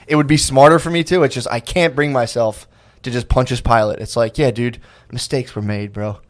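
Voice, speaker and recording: A man's voice: mid-range voice, steady tone, a little fast. Rambling, sensitive man in casual chat. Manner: rambling, sensitive, self-deprecating, many restarts. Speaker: podcast guest.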